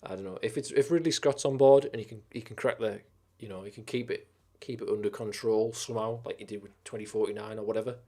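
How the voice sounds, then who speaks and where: A man's voice: fairly low pitch, steady tone, fast talker, few pauses, mellow. A man streaming live, chatting casually about films, with lots of swearing and rambling enthusiasm.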